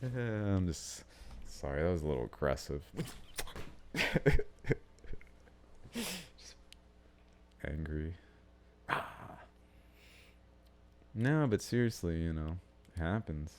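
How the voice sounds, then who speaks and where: A man's voice: low-pitched, very animated, slow, pauses often, darkish tone, slight background noise. A man hosting a solo podcast, rambling through his thoughts in a meandering, self-interrupting way and swearing casually. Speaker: podcast host. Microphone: studio-style podcast mic.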